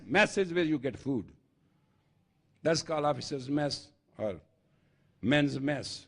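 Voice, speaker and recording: A man's voice: a little high, a little slow, bright, forceful tone. An older man with an Indian accent, a spiritual teacher giving an emphatic storytelling sermon. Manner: storytelling with acted dialogue, emphatic. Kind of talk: lecture sermon.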